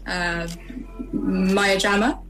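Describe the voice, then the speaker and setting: A woman's voice: medium pitch, fairly even intonation, drawn-out words, a bit bright, faint music behind, rough recording. A young woman, a singer, chatting as a guest in a casual radio interview, laughing often and saying "like" a lot. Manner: giggly, chatty, says "like" often.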